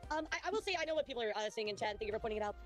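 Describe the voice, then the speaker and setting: Woman, slightly high voice, very quick delivery, polite hesitant questions, stream interview. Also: lively intonation, soft background music. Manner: hesitant, many "um" and restarts, polite.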